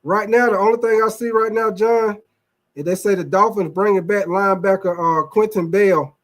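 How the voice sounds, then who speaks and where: A man's voice: sits high, normal speed. A man hosting a casual sports talk stream, rambling loosely and swearing while he talks to his viewers. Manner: loose, rambling, profane, addresses viewers as y'all. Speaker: sports show host. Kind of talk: casual live sports talk, reacting to chat.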